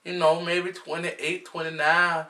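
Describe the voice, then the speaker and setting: Sassy high bright-voiced man. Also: little pitch movement, a little slow. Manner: sassy, flamboyant, blunt, with frequent restarts. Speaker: vlogger recapping a reality show. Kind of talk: casual gossip commentary. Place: at home recording himself. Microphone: camera mic, self-recorded.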